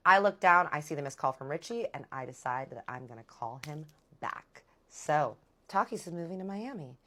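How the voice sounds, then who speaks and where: A woman vlogger telling a dramatic personal story in a casual, animated way, talking straight to her viewers. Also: low voice, normal speed, slight background noise.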